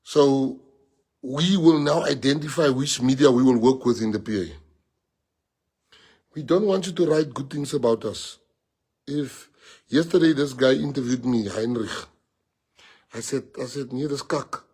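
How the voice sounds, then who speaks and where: A man's voice: medium pitch, moderate pace, long pauses, darkish tone, husky. Emphatic South African man rallying members. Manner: emphatic, repeats phrases, mixes in Afrikaans. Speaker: party leader. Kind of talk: rallying address to party members.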